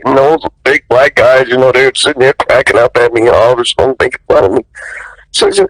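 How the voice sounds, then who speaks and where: A male actor telling stories as an interview guest, lively and profane, jumping up in pitch when he quotes people. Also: fairly quick, vocal fry, no echo, low-quality recording. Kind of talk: animated storytelling in an interview.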